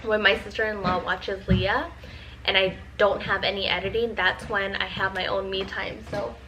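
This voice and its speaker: A woman's voice: mid-range voice, flat delivery, normal speed, bright, forceful tone, slight background noise, low-quality recording. A pregnant woman in her thirties, a mom vlogger chatting candidly with her viewers in a casual Q&A update.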